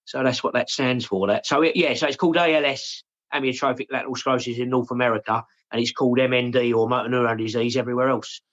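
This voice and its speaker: An English man in his forties, talking openly and haltingly in an interview, often repeating his words and saying "mate". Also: mid-range voice, fairly even intonation, a bit bright, highs cut off. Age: 40s. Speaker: podcast guest. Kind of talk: emotional personal interview.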